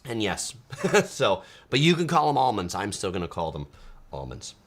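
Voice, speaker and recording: A man's voice: fairly low pitch, big pitch swings, normal speed. Chatty man hosting a food livestream. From California. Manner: chatty and enthusiastic, frequent ums and uhs. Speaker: food video host. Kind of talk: casual livestream chat reading viewer comments.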